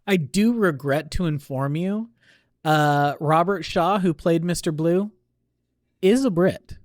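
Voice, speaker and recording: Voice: medium pitch, slow pace, darkish tone, no echo, studio quality. A podcast co-host chatting casually in a wry, joking way. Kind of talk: casual chat.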